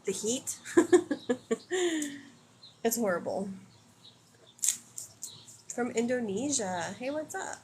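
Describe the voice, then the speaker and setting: An American woman in her thirties hosts a laid-back livestream, reading comments aloud and replying bluntly, opinionated and swearing freely. Her voice is high and a little mellow with lively intonation, and she talks extremely slowly with frequent pauses. A bit of hiss or hum sits in the recording.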